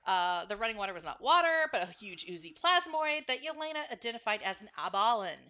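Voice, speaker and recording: A woman's voice: mid-range voice, sing-song, fast, sharp tone, highs cut off. A woman narrating a tabletop game as game master, recapping with frequent fillers and self-corrections.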